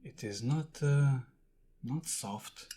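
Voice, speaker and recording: In a food tasting vlog, a man talks chattily to camera, eating and fiddling with jars as he explains. He has a warm, mid-range voice and draws out his words.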